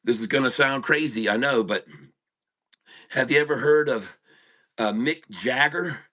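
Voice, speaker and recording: A man voicing a smooth-talking male frog who croaks the odd ribbit, told inside a joke. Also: medium pitch, measured pace, sharp tone. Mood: sly.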